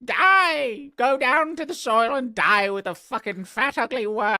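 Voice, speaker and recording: A man voicing a haughty male butterfly who taunts a caterpillar with shouted insults, in a mocking put-on voice on a livestream. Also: very high voice, unhurried, no echo, clean studio sound, voice pushed up, exaggerated voice. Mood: sneering.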